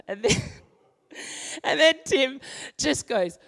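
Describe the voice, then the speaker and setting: A woman's voice: sits high, slow pace, pauses often. Woman preaching in a reverberant hall. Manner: animated storytelling, acting out voices. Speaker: church speaker. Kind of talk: sermon with storytelling and prayer.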